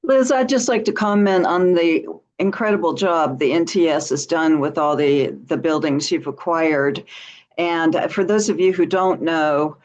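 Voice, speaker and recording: A woman's voice: low voice, unhurried, darkish tone, dull audio. A woman commenting in a forum Q&A, enthusiastic and effusive. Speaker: forum participant.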